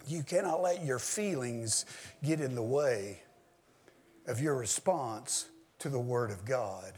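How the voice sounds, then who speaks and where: A man preaching a sermon, swinging between loud declarations and low, quiet asides, addressing his listeners directly. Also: takes it slowly, husky.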